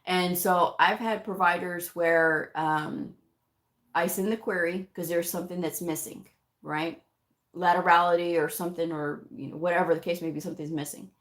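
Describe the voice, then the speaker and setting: A woman's voice: lowish voice, steady tone, normal speed, a bit bright. A middle-aged woman, a medical coder, chatting casually on a live stream and answering viewer questions in an emphatic, talkative way. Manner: chatty and emphatic, with frequent "you know"s and laughs.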